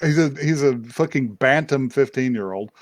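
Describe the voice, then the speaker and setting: A man co-hosting a podcast, casually recapping an anime episode, animated and swearing, acting out characters' lines. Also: medium pitch, normal speed, dry recording, studio quality. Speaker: podcast co-host.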